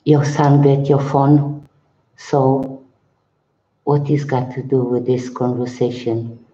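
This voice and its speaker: On a live stream, an elderly monk talks with his audience in halting, broken English, going slowly and frequently saying things twice. His tone is level, dark and mellow, at a medium pitch, and the audio comes across roomy and somewhat dull.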